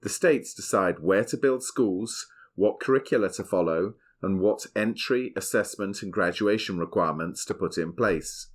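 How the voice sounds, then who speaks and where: A middle-aged man, hosting a podcast with measured, scripted explanation. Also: fairly low pitch. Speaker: podcast host. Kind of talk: scripted podcast narration and family chat.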